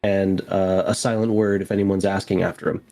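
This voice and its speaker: Low voiced guy running a d&d game, rambly and descriptive. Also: little pitch movement, a little fast, gravelly, warm tone, faint music behind. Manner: loose, descriptive, many fillers. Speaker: game master. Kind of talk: narrating a tabletop game.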